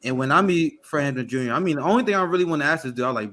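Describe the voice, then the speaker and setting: Bright, energetic man hosting. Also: on the high side, very fast. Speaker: host. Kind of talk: casual political podcast chat.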